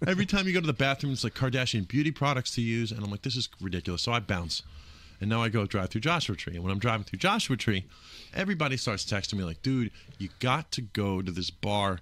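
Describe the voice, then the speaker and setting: A man's voice: mid-range voice, expressive, fast talker, fairly bright tone. A man from Brooklyn telling a story on a podcast, swearing, laughing and acting out the voices of people in it. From Brooklyn, New York. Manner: profane, laughing, acts out voices in quotes. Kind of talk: casual chat, animated storytelling.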